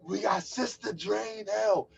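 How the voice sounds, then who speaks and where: Through a distant, dull lo-fi mic comes a high, slightly rough male voice with vocal fry, speaking slowly. He's the host of a call-in livestream, casual and loose, exclaiming and laughing as he gets things set up.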